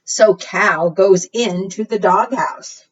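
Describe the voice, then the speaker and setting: A woman librarian reading a picture book to preschool children, animated, asking them questions and singing along. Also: mid-range voice, slow pace, breathy edge. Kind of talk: preschool storytime read-aloud. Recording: distant, dull lo-fi sound.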